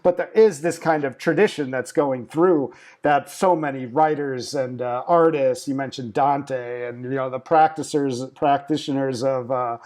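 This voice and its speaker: A man's voice: medium pitch, steady tone, a little slow, few pauses, darkish tone. A man hosting a casual conversation from his house, reflecting and thinking aloud.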